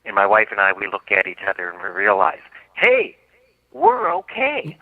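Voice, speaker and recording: A man's voice: sits low, flat delivery, fast, dry recording. A man telling a story as a radio guest, vividly acting out the quotes. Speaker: guest author. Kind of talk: animated storytelling. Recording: dry, phone-like line.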